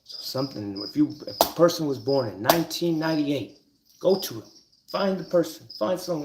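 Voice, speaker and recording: A man's voice: on the high side, fairly quick, background noise. A man telling stories and teaching a numbers trick in a casual, profane, emphatic way. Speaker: numerology teacher. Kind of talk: casual storytelling monologue.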